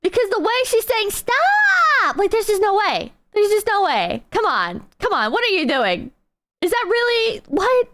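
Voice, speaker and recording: High, lively woman streamer chatting. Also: moderate pace. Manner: animated, mocking, chatty with chat. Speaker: streamer host. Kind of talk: casual live-stream reaction chat.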